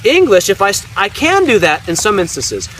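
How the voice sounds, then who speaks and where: A man's voice: high-pitched, huge pitch swings, moderate pace, fairly bright tone, faint music behind. A man who translates the Bible, explaining ideas in a casual teaching conversation and often checking in with "right?". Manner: explanatory, frequent restarts and "right?" tags. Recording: distant mic with faint noise.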